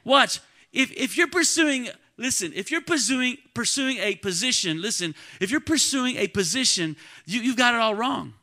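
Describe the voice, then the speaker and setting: A high-voiced male pastor delivers a sermon in a church sanctuary, addressing the congregation directly. His intonation is lively and his pace moderate, moving between hushed, close speech and resounding shouts with a bright, sharp edge.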